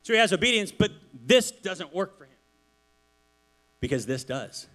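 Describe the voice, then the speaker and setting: A man, a pastor, giving a casual sermon in church, chatty and animated, telling stories with many asides. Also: high-pitched, normal speed.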